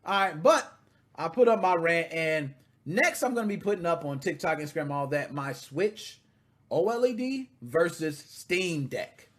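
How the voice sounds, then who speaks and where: Lively, animated man hosting a gaming podcast. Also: a little high, measured pace. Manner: animated, shouts and heckles when excited. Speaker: podcast host. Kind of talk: casual gaming podcast rant.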